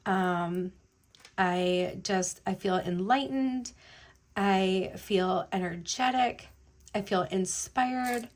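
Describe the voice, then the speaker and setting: A middle-aged woman hosting a beading session chats casually while she works, speaking extremely slowly in a mid-range voice. She rambles, fills her talk with fillers, and sounds choked up and teary.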